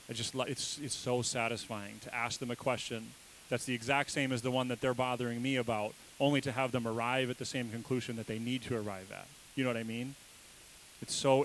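A man's voice: mid-range voice, steady tone, fairly quick, a bit bright, slight background noise, rough recording. A man, a father, preaching a sermon in a casual, joking, conversational way. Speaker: pastor.

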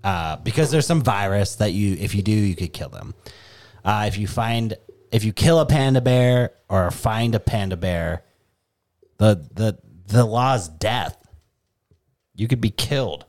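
A man with a New England accent co-hosting a podcast, talking casually with lots of profanity and animated, joking rants. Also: fairly low pitch, a little slow. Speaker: podcast co-host.

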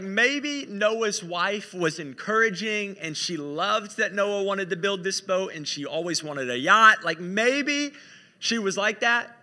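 A man's voice: high-pitched, bright, forceful tone, big-room sound. A man preaching a sermon in a conversational, storytelling way, often repeating himself.

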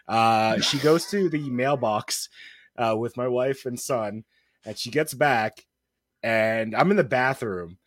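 A man's voice: medium pitch, takes it slowly, no room sound, clean studio sound. A man hosting a casual podcast from home, telling funny stories about his young daughter with laughter and swearing. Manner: storytelling, laughing, profane. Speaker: podcast host and father. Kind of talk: casual comedic chat.

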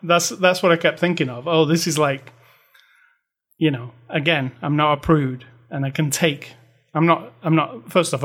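A podcast co-host with a slightly high, somewhat bright voice rambles through a casual movie review. He fills his talk with lots of "like" and "you know."

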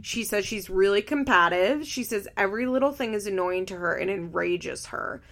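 Female podcast host, casual and blunt, constant "like" fillers, gravelly fry in the voice. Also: medium pitch, normal speed, fairly bright tone. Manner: blunt, opinionated, heavy use of "like" fillers. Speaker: podcast host recapping a reality show. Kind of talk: casual chat.

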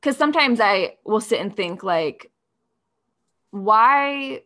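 A woman with a mid-pitched voice hosts a podcast conversation. She asks reflective questions and affirms her guest. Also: animated, moderate pace, a bit bright. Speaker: podcast host. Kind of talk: conversational interview.

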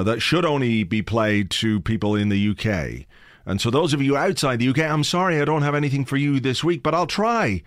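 A man's voice: medium pitch, no room sound, studio quality. A man hosting a podcast from his home office, chatting casually in a rambling way, with comic asides and plenty of swearing. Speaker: podcast host. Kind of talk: casual chat. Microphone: home office mic.

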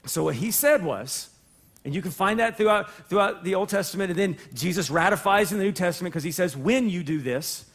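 A man's voice: high voice, animated, brisk. A man pastor preaching a sermon in a conversational, self-deprecating way, acting out little dialogues and laughing at himself. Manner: acts out voices of people and God in dialogue.

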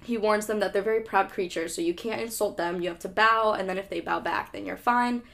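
A young woman co-hosting a podcast, casually recapping a book in a chatty way, swearing freely and tossing in quick character asides. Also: mid-range voice, creaky, fairly bright tone. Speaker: podcast co-host.

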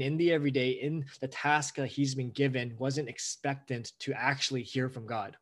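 Earnest man preaching a sermon. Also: medium pitch. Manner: earnest, builds to emotional emphasis with repeated phrases. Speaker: pastor.

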